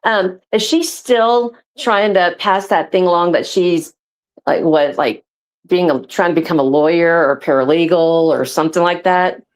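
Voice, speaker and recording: A woman's voice: fairly low pitch, normal speed. A woman guest in casual chat, teasing and giggling often.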